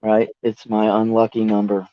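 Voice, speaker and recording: A man's voice: on the low side, monotone, moderate pace, dry recording. A man talking as a guest rapper in a rambling, laid-back way, swearing casually. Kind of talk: casual interview chat. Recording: dull lo-fi dry audio.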